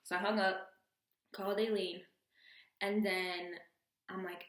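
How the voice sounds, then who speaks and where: A woman's voice: medium pitch, slow pace. Slangy young woman telling a story. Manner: animated, slangy, jokey asides. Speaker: vlogger. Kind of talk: casual storytelling. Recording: roomy echo.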